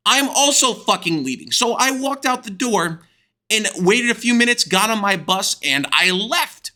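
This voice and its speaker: Bright, brash young man telling a story. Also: high-pitched, measured pace. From United States. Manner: crude, swearing, excitable. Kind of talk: animated storytime vlog.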